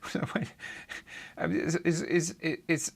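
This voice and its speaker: A man's voice: a little high, flat delivery, unhurried. A middle-aged man chatting unhurriedly on a live coding stream. He rambles, laughs to himself and restarts his sentences. When the code misbehaves he mutters in exasperation. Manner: rambling and chuckling, with frequent fillers and restarts; exasperated muttering while debugging. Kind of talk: casual live-stream chat.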